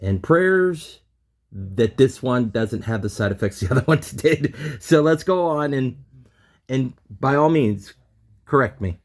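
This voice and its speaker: A man's voice: medium pitch, animated, measured pace. Eager man repeating back his lesson. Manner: eager, talks things through, repeats back to check. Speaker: language student. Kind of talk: casual online lesson.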